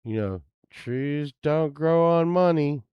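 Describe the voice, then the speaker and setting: A man's voice: on the high side, slow, clean tone, dry recording, highs cut off. A man rambling casually as he browses items online, grumbling and swearing now and then. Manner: meandering, grumbling asides, occasional swearing. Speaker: vlogger.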